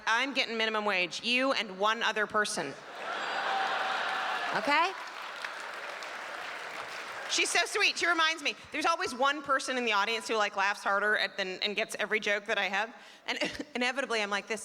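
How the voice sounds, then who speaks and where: Crowd noise and a noisy background surround a middle-aged Canadian woman doing stand-up at a performing arts center, her fairly high voice expressive at normal speed. Through a stage microphone and long live-theater reverb, she chats, mocks herself and plays characters.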